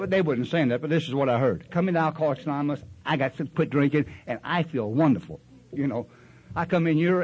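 Folksy older man telling his story. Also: on the high side. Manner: rambling, folksy storytelling that acts out other voices. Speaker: speaker sharing his story at a recovery meeting. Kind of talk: storytelling share.

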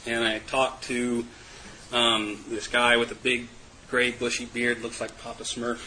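A man's voice: mid-range voice, completely flat delivery, a little slow, noisy background. A man giving a candid, self-mocking personal testimony to a group, laughing often. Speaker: recovery meeting speaker.

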